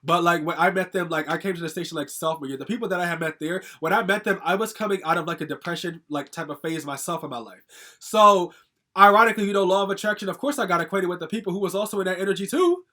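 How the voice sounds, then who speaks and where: A young man rants through a personal story, quick and fired up. His voice sits high for a man, and he swears freely and fills his talk with likes and ums. It is casual storytime talk aimed straight at his viewers. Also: bright, forceful tone. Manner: angry, profane, ranting with many fillers. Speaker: vlogger telling a story.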